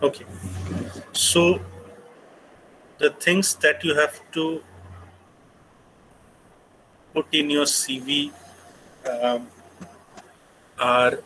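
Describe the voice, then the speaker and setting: A quick man with an Indian English accent walks students through study-abroad steps, slipping in fillers as he goes. His voice sits a little high and sounds bright. The video-call mic picks up a faint hiss of background noise. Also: poor audio. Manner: explanatory, with frequent fillers. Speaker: guest speaker on study abroad. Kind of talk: webinar talk, English mixed with Hindi. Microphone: computer mic on a video call.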